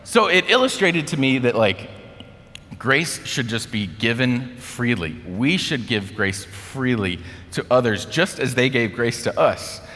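A man's voice: medium pitch, sharp tone, big-room sound. An American man giving a casual sermon, telling a story in a chatty way with lots of fillers. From United States. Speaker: speaker.

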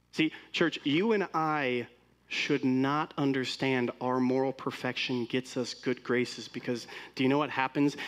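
A man preaching a sermon as pastor, speaking conversationally and putting many rhetorical questions to the congregation. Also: medium pitch.

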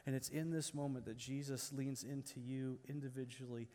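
A man's voice: mid-range voice, steady tone, moderate pace, warm tone, in a large hall, a little hiss or hum. A man preaching a sermon in earnest, asking rhetorical questions and often restarting his words. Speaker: pastor.

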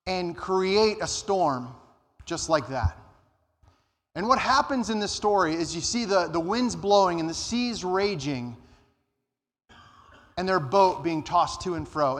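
Man, pastor, sermon, earnest, high voice, long hall reverb. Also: a bit bright. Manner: earnest, rises in pitch and slows down for emphasis.

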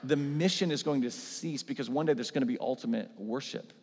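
A man's voice: mid-range voice, a little fast, a little mellow, husky. A man, a pastor, preaching a sermon in a conversational way, often checking in with the congregation. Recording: echoey hall reverb.

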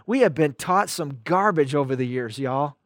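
A man preaching a streamed sermon, with a voice pitched high for a man. He leans hard on key words, repeats them and calls out to the viewers watching online. The recording is dry and close, with no room sound. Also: expressive, moderate pace, no room sound. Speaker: pastor.

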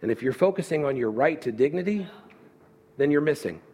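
Male pastor preaching, husky voice, rises high for rhetorical questions, lively. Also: a little fast. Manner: animated preaching, voicing listener objections. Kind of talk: sermon.

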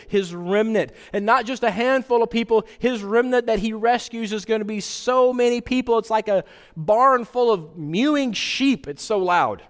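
A man's voice: high-pitched, moderate pace, long reverb tail. A man preaching a sermon as pastor, in a conversational style that keeps checking in with rhetorical questions.

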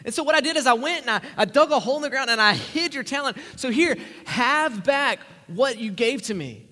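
A man voicing a fearful servant pleading his excuses in a loud, high, hurried voice. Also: expressive, big-room sound, heavily acted. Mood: anxious.

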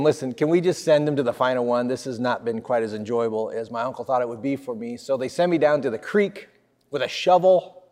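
Fiftyish man preaching in a reverberant hall. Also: mid-range voice. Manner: storytelling with lively swings in energy. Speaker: pastor. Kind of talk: sermon.

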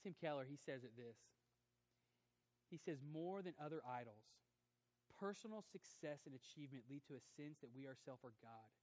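A male pastor preaching a sermon, swinging between forceful emphasis and quiet, drawn-out lines. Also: fairly high pitch. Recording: long hall reverb.

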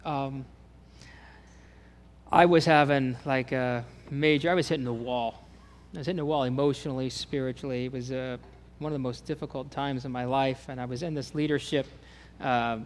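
A pastor preaching a sermon, telling a personal story with earnest restarts and rising up higher and louder when he voices God's words. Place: church sanctuary.

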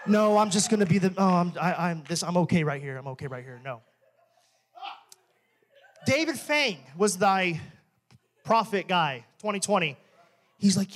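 Young male minister, high voice, lively joking testimony with frequent laughs. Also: normal speed, long pauses, a little hiss or hum. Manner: animated, joking, laughs often. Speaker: church minister. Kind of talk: testimony sermon. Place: church.

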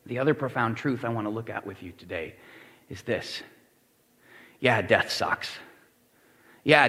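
A man preaching a sermon, his voice sitting a little higher than most men's. He swings between hushed asides and loud, shouted climaxes. A long reverb trails behind every phrase, as in a big hall. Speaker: pastor.

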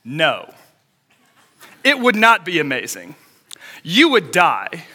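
A man in young adulthood preaching a sermon as a pastor, telling a story quickly and with animation. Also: high-pitched, wildly swooping pitch, bright, forceful tone, long reverb tail.

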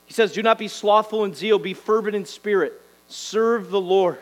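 A man's voice: high voice, moderate pace, rough recording. A man preaching a sermon, exhorting the congregation and tagging lines with "right?". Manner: exhorting, rhetorical "right?" tags. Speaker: pastor.

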